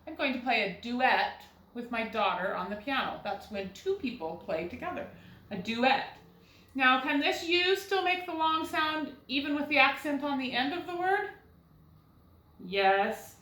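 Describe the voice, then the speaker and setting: A woman's voice: high-pitched, lively intonation, a little slow, sharp tone, echoey room, low-quality recording. A woman teaching a recorded first grade phonics lesson, patiently sounding words out syllable by syllable and asking guiding questions. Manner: asks rhetorical questions to guide young students.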